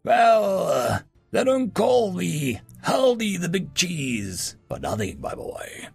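A man doing a sly, gravelly old trickster. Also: high voice, wildly swooping pitch, slow pace, no echo, soft background music, voice pushed up, heavily acted. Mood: boastful.

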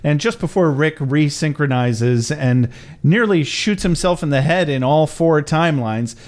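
Man, slightly high pitch, dry jokes, casual plot recap. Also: unhurried, a little mellow.

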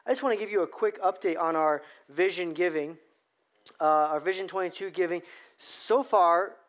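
A man who is a pastor, preaching a sermon with storytelling and emphatic, slowed phrasing. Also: fairly high pitch. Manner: storytelling with acted-out irritation, emphatic slow phrasing.

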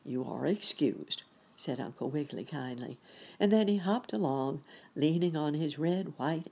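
A woman reading a children's story aloud in a lively, expressive way. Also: low-pitched, gravelly, husky.

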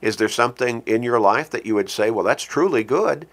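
A man preaching a sermon who speaks earnestly, repeats key phrases for emphasis, and slows down with a lifted voice when he quotes scripture. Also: mid-range voice, lively intonation. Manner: slows and lifts his voice when quoting scripture.

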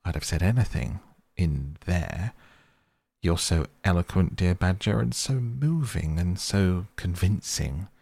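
A man voicing a boastful, excitable male toad who talks impatiently and bursts into high outbursts. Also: a little slow, vocal fry, hardly any pauses, slightly rough, no echo, exaggerated voice. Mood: gushing.

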